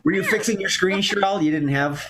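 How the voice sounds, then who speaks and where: A man's voice: high-pitched, quick pace, a loud crowd. A man hosting a live improv comedy show online, joking and laughing often between turns. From Minnesota.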